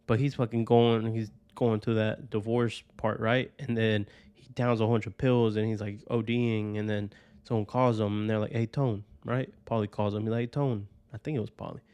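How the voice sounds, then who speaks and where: In a casual personal monologue, a podcast host tells a story in a loose, rambling, profane way, constantly finishing lines with "right?". His voice is on the low side, level, a little fast, slightly mellow and smooth, with no room sound.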